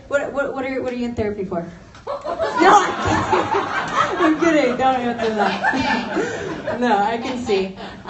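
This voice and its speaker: A young woman from Los Angeles doing a stand-up comedy set, chatty and self-mocking, laughing through her lines. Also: high-pitched. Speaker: stand-up comic. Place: office turned into a comedy venue. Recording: roomy office space, mic at a distance, noisy.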